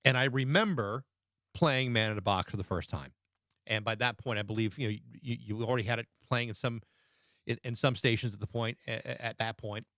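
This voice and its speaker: A man's voice: medium pitch, brisk, fairly bright tone, no echo, studio quality. A middle-aged man, a podcast host and former radio DJ, reminiscing with enthusiasm in conversation. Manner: reflective, enthusiastic reminiscing, restarts. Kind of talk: conversational interview.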